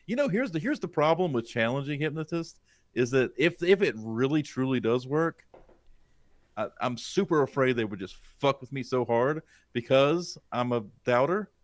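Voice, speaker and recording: A man's voice: mid-range voice, normal speed, no echo. Podcast co-host: American man, loose and foul-mouthed, very dry close mic. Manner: profane, animated skeptic. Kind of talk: casual chat. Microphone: studio broadcast mic.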